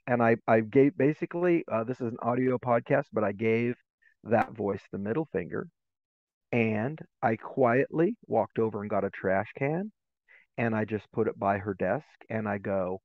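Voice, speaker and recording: The speaker is a middle-aged man, a guest educator on a podcast interview, whose fairly low voice moves at a moderate pace. He tells stories with animation, performing the different voices. The recording is dry and comes through a tinny, phone-like remote connection.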